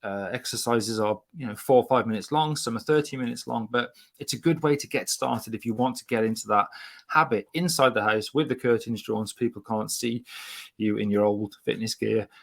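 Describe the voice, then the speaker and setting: A British man co-hosting a casual podcast, his voice noticeably gravelly with a lot of vocal fry. He ribs his co-host in a dry, teasing way and talks at an ordinary middle pitch. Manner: dry teasing banter, then brisk wrap-up.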